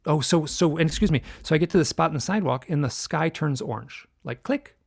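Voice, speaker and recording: Gravelly, husky man in his sixties from Michigan, animated interview storyteller. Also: a little high, fast, no room sound, studio quality. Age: 60s. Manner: animated storyteller, drops to a whisper for tense moments. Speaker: guest author.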